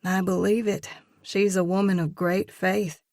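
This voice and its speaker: A woman's voice: mid-range voice, flat delivery, measured pace, darkish tone, no room sound, clean studio sound, lightly acted. A woman reading an audiobook and voicing a torn young female singer who speaks in an earnest, emotional way. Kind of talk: audiobook dialogue.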